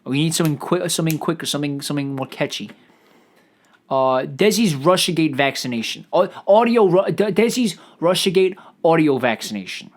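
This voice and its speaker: Rambling man, a bit high-pitched. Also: animated, fairly quick. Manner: profane, stammering, riffing on ideas aloud. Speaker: podcast host. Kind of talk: rambling solo comedic podcast.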